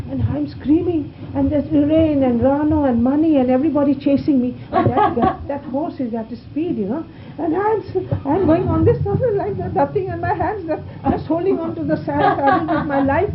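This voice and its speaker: An older woman with a high-sitting voice reminisces about a story from her past, lively from the start and growing louder and more excited when she gets to the scare. The recording is a muffled, noisy archive.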